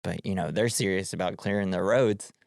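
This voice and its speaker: A man's voice: deep voice, a little fast, creaky, no echo, studio quality. A man from Tennessee hosting a casual movie podcast, chatty and jokey, laughing often. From Tennessee, USA. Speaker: podcast host.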